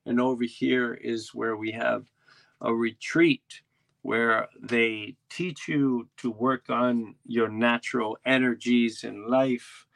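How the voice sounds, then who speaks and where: A man acts out a dazed island tour guide with a Bahamian accent who drones through his patter as if no one is listening. The delivery is slow and dreamy, and the voice underneath is gravelly. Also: mid-range voice, no room sound. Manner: slow dreamy monotone, not looking at anyone.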